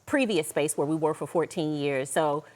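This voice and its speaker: A woman's voice: low-pitched, moderate pace, a little mellow. A woman, a guest chef chatting upbeat and folksy on a morning TV cooking segment.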